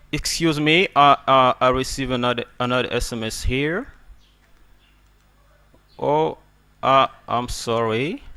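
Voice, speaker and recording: A man hosting a radio English lesson, emphatic and preachy, tagging nearly every sentence with "okay?". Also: mid-range voice. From Democratic Republic of Congo. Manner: emphatic, preachy teacher, often gets louder to stress a point. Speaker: English teacher and radio host.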